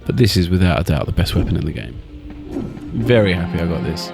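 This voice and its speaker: A man talks through his playthrough in a wry, chatty way. His voice sits a bit low for a man. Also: big pitch swings, quick pace, creaky, over music. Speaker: gaming channel host. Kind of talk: casual playthrough commentary.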